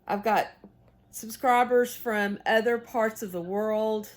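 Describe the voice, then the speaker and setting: Knitting as she talks, this American woman with a Southern accent rambles to her viewers in a folksy, casual manner. Her voice is on the high side, her tone steady, and she takes her time.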